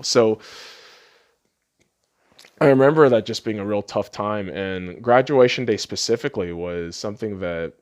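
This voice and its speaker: In a lowish, smooth, slightly mellow voice at a somewhat slow pace, a man in his late twenties hosts a podcast. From Las Vegas, USA, he tears up over a personal memory, repeating himself and swearing often throughout this emotional monologue.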